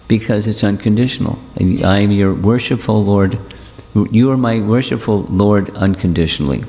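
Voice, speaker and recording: A man giving a devotional talk and answering questions, speaking in a gentle, repetitive, reassuring way. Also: on the low side, moderate pace, gravelly, few pauses, a little hiss or hum. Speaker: spiritual teacher. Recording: long hall reverb.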